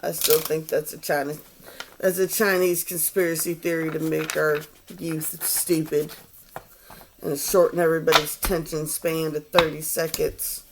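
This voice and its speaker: A man's voice: on the high side, little pitch movement, moderate pace, noisy background. A man in his forties giving a casual tarot reading, rambling, swearing and sounding exasperated. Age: 40s. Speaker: tarot reader.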